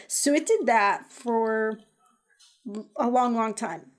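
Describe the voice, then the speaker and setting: A woman co-hosting a gaming podcast in casual chat. Her voice sits a little higher than most women's. She retells events in a quick, animated way. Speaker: podcast co-host.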